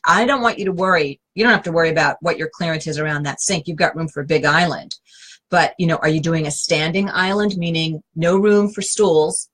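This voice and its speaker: A woman with a somewhat low-pitched voice talks through design questions from viewers. She is chatty and direct, often asking rhetorical questions as she advises. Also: normal speed, husky. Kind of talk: casual advice Q&A.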